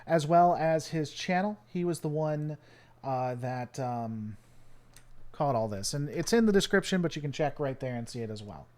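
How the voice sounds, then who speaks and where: A man's voice: fairly high pitch, expressive, moderate pace, a little mellow. A man from the United States hosting his channel, rambling and joking with lots of fillers in casual live-stream commentary. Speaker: channel host.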